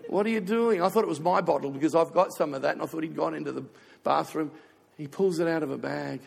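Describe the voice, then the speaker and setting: A man's voice: on the high side, steady tone, fast, vocal fry, breathy edge, big-room sound. An older man preaching a sermon as a pastor, telling a heartfelt personal story in an emotional way, fighting back tears.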